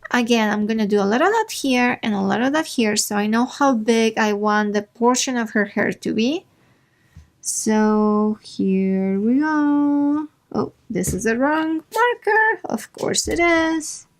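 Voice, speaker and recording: A woman's voice: on the high side, expressive, normal speed, few pauses. A woman hosting a drawing tutorial, chatting casually as she works and making playful asides to herself.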